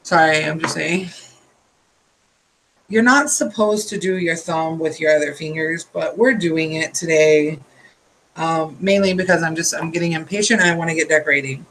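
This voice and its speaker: High-voiced tired man chatting through a tutorial. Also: steady tone, normal speed, fairly bright tone, a little hiss or hum, poor audio. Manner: chatty, rambling asides while working. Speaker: nail art tutorial host. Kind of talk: casual step-by-step tutorial.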